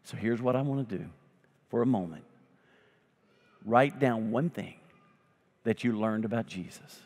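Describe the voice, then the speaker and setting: A male pastor delivering a sermon, swinging between loud emphatic lines and slow hushed ones, with folksy humorous asides. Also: medium pitch. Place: church sanctuary. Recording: long hall reverb.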